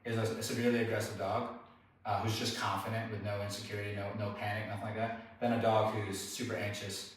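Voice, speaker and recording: A man working as a dog trainer, talking through a live training session in a relaxed, explanatory way. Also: lowish voice, quick pace. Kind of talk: hands-on training demonstration. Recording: very echoey room, distant mic, faint noise.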